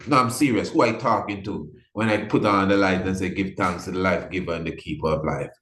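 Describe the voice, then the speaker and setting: Deep-voiced male host, earnest and insistent, recorded in a reverberant room. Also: a little fast, a bit bright. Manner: earnest, repeats himself for emphasis. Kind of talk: impassioned livestream talk.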